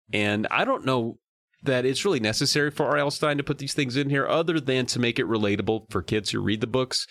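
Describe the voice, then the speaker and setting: A man co-hosting a casual podcast about a kids' horror book, jokey and animated, his voice jumping high for emphasis. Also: brisk, dry recording, clean studio sound. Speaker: podcast co-host. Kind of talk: casual book-club chat.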